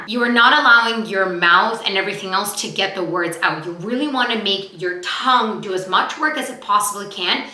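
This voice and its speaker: A young woman who talks fast and chatty as she teaches actors vocal warmup exercises. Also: mid-range voice, roomy sound, low-quality recording. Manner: fast-talking, chatty, demonstrates exercises aloud. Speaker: acting coach.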